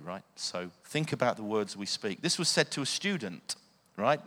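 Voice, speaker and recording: A man's voice: medium pitch, animated, moderate pace, bright, forceful tone. A man preaching a sermon, earnest, often asking the listeners questions. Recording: long hall reverb.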